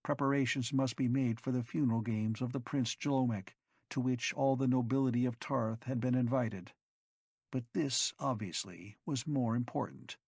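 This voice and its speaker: Male audiobook narrator, husky, measured delivery, dry booth sound. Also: medium pitch, a little mellow, no echo. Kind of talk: scripted narration.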